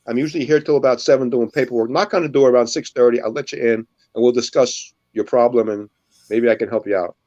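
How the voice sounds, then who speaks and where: A man voicing a calm, businesslike doctor in a joke, speaking in a measured, matter-of-fact way. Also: medium pitch, lo-fi sound, natural voice. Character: calm, businesslike middle-aged male doctor.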